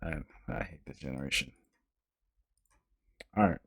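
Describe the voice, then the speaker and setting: A young man hosting a casual solo podcast, ranting in an animated, profane and joking way, often restarting his sentences. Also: rumbling low, a little slow, vocal fry. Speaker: podcast host.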